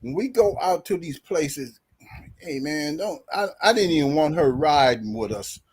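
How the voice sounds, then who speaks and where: A man's voice: on the high side, lively intonation, unhurried, darkish tone, husky. A man on a podcast telling a workplace story in casual chat, acting out the quoted dialogue with bursts of laughter. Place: podcast studio.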